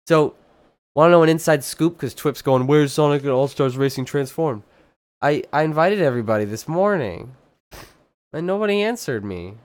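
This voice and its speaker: A man's voice: fairly high pitch, expressive, moderate pace. A man streaming a game live, complaining in an exasperated, dramatic way and laughing a lot at his own troubles. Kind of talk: casual live gameplay commentary.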